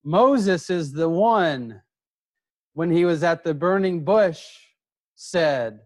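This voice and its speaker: A middle-aged man preaches with slow, deliberate weight. He leans on repeated key words and drops his voice low and quiet for quoted lines. His pitch sits a little high for a man. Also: expressive. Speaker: pastor. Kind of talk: sermon.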